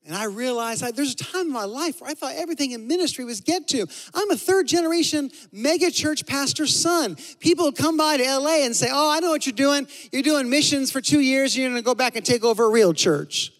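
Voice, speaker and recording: A man preaching a sermon as a pastor, telling a story animatedly, dropping to a hush and then rising loud. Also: extremely high pitch, brisk, hardly any pauses. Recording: long hall reverb.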